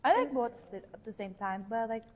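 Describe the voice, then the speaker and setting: A woman's voice: fairly high pitch, brisk. A young woman, chatting playfully and giggling while tasting food with a friend. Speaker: group member tasting food. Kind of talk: casual chat. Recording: faint noise, long reverb.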